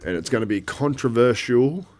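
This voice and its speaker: A man hosts a casual live stream in a slightly mellow, medium-pitched voice with lively intonation and a normal pace. Chatty and quick to laugh, he reacts to the live feed and his viewers' messages as events happen.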